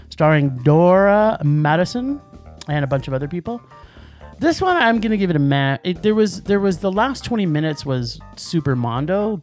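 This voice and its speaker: A podcast co-host reviewing movies in casual chat, enthusiastic and rambling, often restarting sentences. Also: medium pitch.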